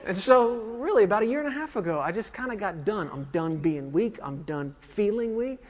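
A man's voice: sits high, animated, a little fast. Man preaching in a reverberant hall. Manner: emphatic call-and-response questioning. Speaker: pastor. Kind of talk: sermon. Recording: dull lo-fi recording with long hall reverb.

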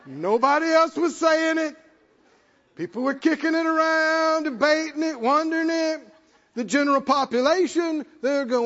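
A man's voice: very high voice, normal speed, a bit bright. A man preaching a sermon in an emphatic, folksy way, repeating himself for effect. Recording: lo-fi with long hall reverb.

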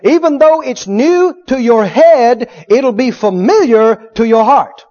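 A man preaching a sermon, animated, acting out little dialogues and swinging from loud to hushed. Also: very high-pitched, slow pace. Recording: dull lo-fi sermon recording.

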